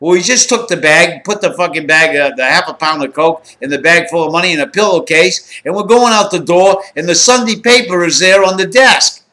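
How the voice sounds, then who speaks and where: A man's voice: fairly high pitch, a little fast, few pauses, pushed and bright. A man in his sixties telling a raw, profanity-laden story in a blunt, candid monologue. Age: 60s. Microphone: home recording.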